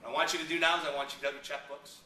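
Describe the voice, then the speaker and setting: A middle-aged man speaking at a seminar, lively and acting out little scenes as he makes his points. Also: on the high side, racing, slight background noise. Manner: animated, acts out little scenes in raised voices. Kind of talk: motivational seminar talk. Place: seminar room. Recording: echoey room, mic from a distance.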